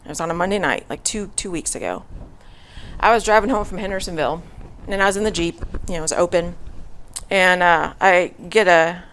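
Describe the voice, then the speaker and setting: A woman's voice: fairly low pitch, a little fast, fairly bright tone. A middle-aged woman telling a story to her church congregation in a chatty way, with laughs, fillers and restarts. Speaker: church speaker. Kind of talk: casual storytelling message to a congregation.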